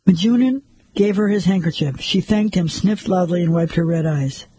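A man narrating a crime story in a steady, measured audiobook style. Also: high voice, slight background noise, rough recording.

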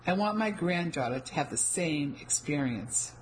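A woman voicing a white-haired grandmother who speaks in a quiet, weary way. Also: low-pitched, animated, moderate pace, a little hiss or hum, rough recording. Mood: wistful. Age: older. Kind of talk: audiobook character reading.

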